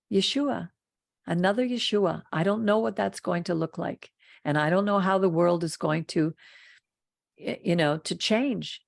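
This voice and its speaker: A woman's voice: lowish voice, gravelly, darkish tone, no echo, studio quality. A woman hosting a Torah study talk, speaking earnestly and with emphasis. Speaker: host of a Torah study program. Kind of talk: teaching talk and closing blessing.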